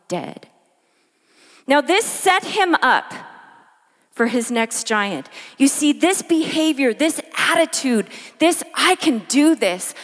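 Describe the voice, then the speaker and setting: Slow, emphatic woman preaching in a hall. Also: sits high, a bit bright. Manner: dramatic pauses and repetition for emphasis. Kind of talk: sermon.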